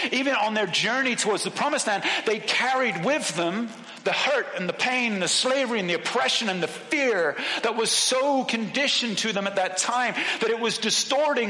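Male preacher, bright and higher-pitched, animated storyteller, recorded in a reverberant hall. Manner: animated storytelling, acts out voices. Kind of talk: sermon with personal story. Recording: echoey hall with long reverb.

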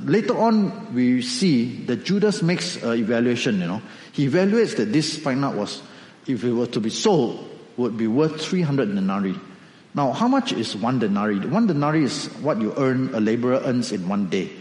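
A man preaching a sermon, animated storytelling with acted asides. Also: medium pitch, moderate pace, echoey room, long reverb tail, rough recording. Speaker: pastor.

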